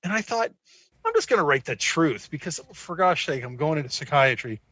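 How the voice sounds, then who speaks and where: A man in his sixties with an American accent, a psychiatrist guest telling a personal story in an animated, self-deprecating way. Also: on the high side, a little fast, dry recording. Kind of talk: conversational storytelling.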